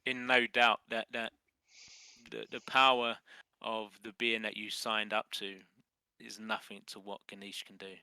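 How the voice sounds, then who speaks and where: A man's voice: on the low side, little pitch movement, unhurried, vocal fry, bright, forceful tone, clear, resonant tone, dry recording. A man with an English accent running a tabletop game as dungeon master, stammering through restarts and chuckling as he narrates.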